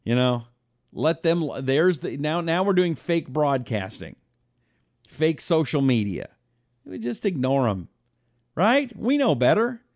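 A man's voice: a little high, sing-song, unhurried, no echo, clean studio sound. A man hosting a live talk stream, chatting loosely with viewers, reading out their comments and making blunt asides. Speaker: host.

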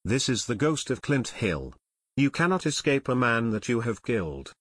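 A man doing a deep, eerie fake ghost voice. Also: very animated, normal speed, fairly bright tone, breathy edge, no echo. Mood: spooky. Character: stout teen boy in deep eerie ghost voice.

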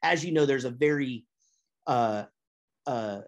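A middle-aged musician and voice actor guests on a podcast, chatting casually and unscripted about his work in a mid-range voice at a measured pace. He's animated, with big pitch swings rising and falling as he warms up to a story.

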